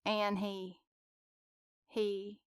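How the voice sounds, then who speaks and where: A woman's voice: mid-range voice, completely flat delivery, very slow, clear, resonant tone, dry recording, studio quality. A woman voicing a shy, flustered young woman who stammers and hesitates, in a storybook reading.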